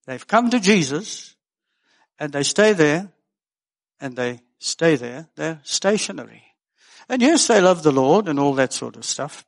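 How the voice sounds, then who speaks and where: A man's voice: fairly high pitch, creaky. An older man preaching a sermon as pastor, folksy and earnest with joking asides.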